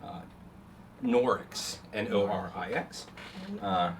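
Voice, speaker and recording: A man's voice: lowish voice, takes it slowly, a little hiss or hum. A man running a tabletop game as game master, narrating loosely with many fillers. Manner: rambling, many fillers, laughs at own jokes.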